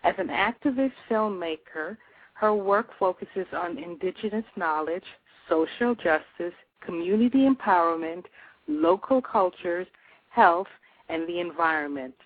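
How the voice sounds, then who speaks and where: A woman hosting a show, reading out a guest's introduction, stressing each item of a list deliberately. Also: on the low side, animated, no echo. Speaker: host. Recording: dry tinny phone-like sound.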